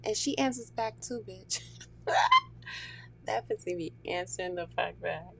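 A woman's voice: on the low side, moderate pace, vocal fry. A woman talking candidly and profanely in a casual chat, laughing often and dropping into whispery asides.

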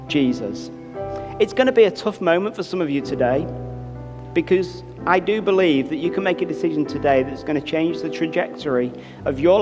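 A man preaching a sermon as pastor, earnestly urging the congregation. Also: a little high. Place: church. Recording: reverberant church with music behind.

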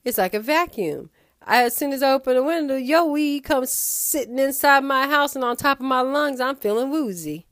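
A woman hosting a podcast, talking in a sassy, animated monologue full of wandering asides. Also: high voice, normal speed, no room sound, studio quality. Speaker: podcast host.

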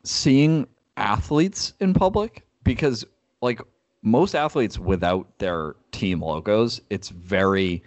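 A man's voice: fairly low pitch, takes it slowly, no room sound. A young man co-hosting a podcast, wry and teasing, mocking himself. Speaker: podcast co-host. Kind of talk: casual banter. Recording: dull dry lo-fi sound.

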